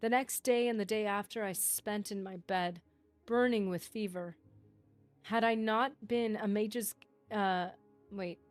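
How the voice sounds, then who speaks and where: A woman streamer reading a game book aloud on a livestream, steady narration broken by chatty asides. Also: mid-range voice, unhurried, no echo, faint music behind.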